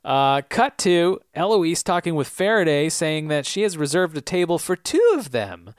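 A lively man with a pitch that swings all over as he chats through a recap of an episode. He slips in and out of goofy impressions of the characters. The sound is close and dry. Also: moderate pace, clean tone, no echo. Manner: animated, acts out characters in silly voices. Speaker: podcast co-host. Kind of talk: casual recap chat.

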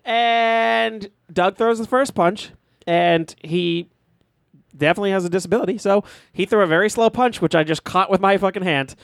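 A man's voice: high-pitched, moderate pace, vocal fry, fairly bright tone, smooth, no echo, clean studio sound. A man from Massachusetts, telling a rambling, profane school story on a podcast and acting out the quotes. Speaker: podcast co-host. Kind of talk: casual storytelling chat.

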